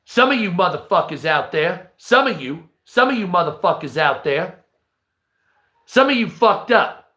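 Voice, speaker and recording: A man's voice: high-pitched, big pitch swings, measured pace, pushed and bright, exaggerated voice. A man voicing a foul-mouthed, bragging street thug who trash-talks and threatens the listener. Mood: menacing swagger. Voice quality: crude, menacing, trash-talking. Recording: roomy echo.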